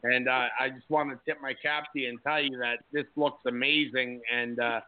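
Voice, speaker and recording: A man's voice: medium pitch, little pitch movement, normal speed. A man with a Canadian accent, co-hosting a casual talk radio show and speaking in an upbeat, encouraging way. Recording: tinny phone-like sound.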